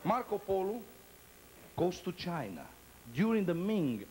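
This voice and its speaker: Animated, high-voiced male comedian. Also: unhurried, pauses often, a little hiss or hum, rough recording. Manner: theatrical, playful, teasing the audience. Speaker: stand-up comedian. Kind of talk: stand-up comedy routine.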